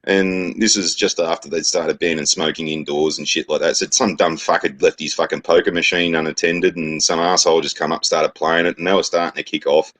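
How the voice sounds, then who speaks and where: Very deep Australian man telling crude jokes. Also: level tone, brisk, few pauses, a bit bright. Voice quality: deep, profane, laid-back Aussie slang. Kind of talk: casual crude joke-telling chat.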